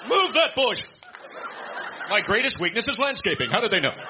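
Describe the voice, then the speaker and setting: A comedian doing a squealing, panicky devil. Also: male voice, sits high, sing-song, moderate pace, noisy background, voice pushed up. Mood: mock fearful. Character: male devil, fussy and cowardly, game-show-host manner. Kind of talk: stand-up comedy bit. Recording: lo-fi clip with live crowd laughter.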